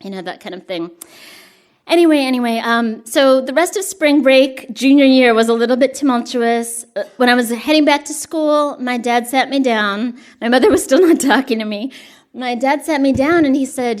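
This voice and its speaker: A woman poet on stage at a live reading, her voice sitting a little high for a woman. She moves between reading poems and loose, self-deprecating stories full of fillers and asides, laughing as she talks. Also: normal speed. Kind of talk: poetry reading with spoken storytelling between poems.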